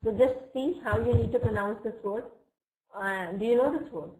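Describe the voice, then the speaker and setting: A woman's voice: on the high side, mellow, rough recording. Patient woman teaching words online. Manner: patient, explains words slowly and checks "okay?" often. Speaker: English vocabulary teacher. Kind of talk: live online class.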